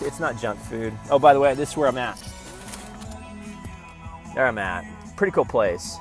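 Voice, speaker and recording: A man rambling and swearing in a casual vlog, talking to his phone camera from a parked vehicle. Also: mid-range voice. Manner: rambling, profane, talks to camera in bursts. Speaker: vlogger.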